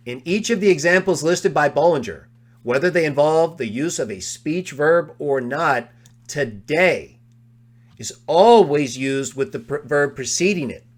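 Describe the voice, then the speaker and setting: A man presenting a live study of biblical grammar, walking through his notes and slowly repeating quoted phrases for emphasis. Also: medium pitch. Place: live online discussion.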